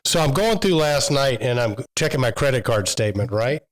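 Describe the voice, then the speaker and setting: A man's voice: mid-range voice, lively intonation, fairly quick, rough recording. Guy cohosting a podcast, rambly and chatty, lots of uhs. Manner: rambling storyteller, many fillers and restarts. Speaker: podcast co-host. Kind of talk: casual chat.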